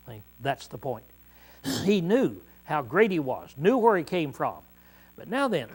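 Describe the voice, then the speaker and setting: A male preacher delivering a conversational sermon, reading scripture aloud and then explaining it in plain words, often clearing his throat. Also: fairly high pitch. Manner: conversational, uses hands-on demonstration with congregation.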